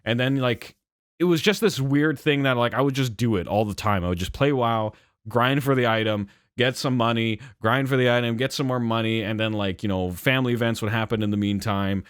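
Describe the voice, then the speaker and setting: A young man telling a story in a casual rant, rambling and animated, with swearing and frequent fillers and self-corrections. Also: medium pitch, brisk, clear, resonant tone, no echo, clean studio sound. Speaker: channel host.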